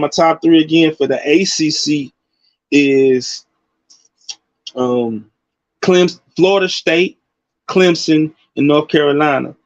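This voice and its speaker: A fired-up man in his forties talking college football, his voice riding high. The sound is dry and a bit dull, with no room around it. He talks in slang and keeps jumping into loud outbursts. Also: no echo. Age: 40s. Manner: animated, slangy, loud bursts and laughing asides. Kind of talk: casual sports commentary.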